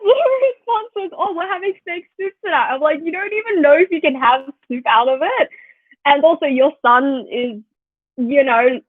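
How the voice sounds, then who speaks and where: A woman's voice: sits high, no room sound. Chatty Australian woman, phone-like sound. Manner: chatty, fillers of "like", animated storytelling. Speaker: vlogger. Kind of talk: casual chat to viewers. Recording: tinny phone-like sound, dry.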